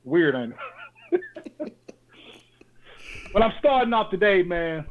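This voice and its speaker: A man's voice: sits high, big pitch swings, slow pace, slight background noise. Slangy man on a tinny line. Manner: loose, slangy, repeats "man" a lot. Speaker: podcast co-host. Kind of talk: casual motivational talk. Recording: tinny phone-like sound.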